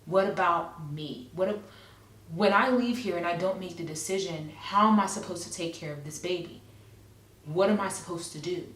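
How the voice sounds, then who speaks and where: Low-voiced woman telling her story, echoey room. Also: a bit bright. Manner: conversational, lots of fillers, repeats phrases. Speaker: vlogger. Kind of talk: personal story, casual. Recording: echoey room, a bit far from the mic.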